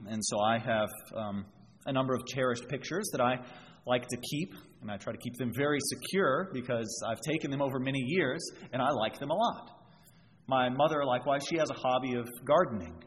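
A man preaching a sermon, explaining scripture verse by verse and drawing out everyday examples. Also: medium pitch. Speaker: pastor. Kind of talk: expository sermon. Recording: long reverb, faint background noise.

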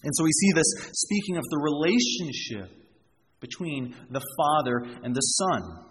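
A man preaching an expository sermon, emphatic, rising on key phrases and dropping low for quieter asides. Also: animated, measured pace. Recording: reverberant hall with faint noise.

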